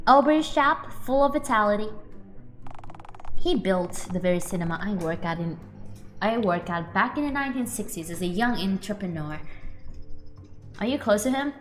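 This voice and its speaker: A laid-back young man who drops old-fashioned hip slang, his voice sitting a touch lower than usual, as a woman reads him out from a game. His talk is easygoing and breezy, in a middle-pitched voice with faint music underneath. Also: natural voice.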